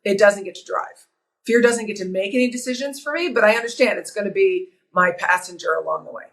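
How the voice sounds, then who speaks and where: Middle-aged woman, broadcaster guest on a podcast; emphatic, energetic storyteller, mid-range voice. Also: mid-range voice, brisk, low-quality recording. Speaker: guest, sports broadcaster and author. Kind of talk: podcast interview.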